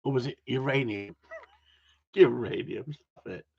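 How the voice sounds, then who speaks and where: A man's voice: mid-range voice, a little slow, vocal fry, very noisy. A man, teasing and joking crudely with friends, swearing freely and laughing often. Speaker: host of a gundog group chat. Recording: dull lo-fi sound.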